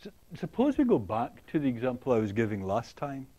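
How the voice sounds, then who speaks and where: Halting male lecturer, mid pitch. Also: wildly swooping pitch, warm tone, dull audio. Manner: halting, many ums and restarts, checks in with students. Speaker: university lecturer. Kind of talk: classroom lecture. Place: lecture hall.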